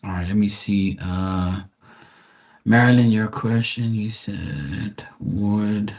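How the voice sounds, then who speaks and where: Bermudian man, lowish voice, loose rambling live-stream host, casual swearing. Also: fairly even intonation, slow pace, rough recording.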